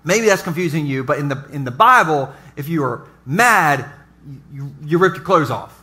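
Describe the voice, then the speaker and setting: A pastor preaching a humorous sermon to a live congregation, telling jokey stories and throwing asides to the audience. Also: male voice, fairly high pitch, lively intonation, normal speed, sharp tone. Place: church service before a live congregation.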